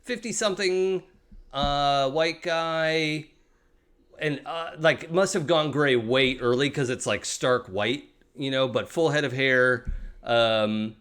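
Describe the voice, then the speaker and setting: A man's voice: medium pitch, slow, fairly bright tone, clear, resonant tone. A young adult man narrating a tabletop role-playing game as game master, with many fillers and restarts.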